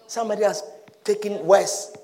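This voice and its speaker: A man preaching a sermon. He talks emphatically, repeats his phrases and swings into loud shouted declarations. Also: high voice, fairly even intonation, moderate pace, a crowd in the background.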